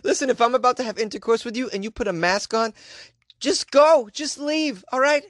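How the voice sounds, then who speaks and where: A man's voice: very high-pitched, racing, a bit bright, no echo, clean studio sound. A man hosting a comic news podcast, cracking jokes and laughing at his own asides. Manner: wisecracking, laughs often, riffing asides. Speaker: podcast host. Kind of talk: comedic news commentary.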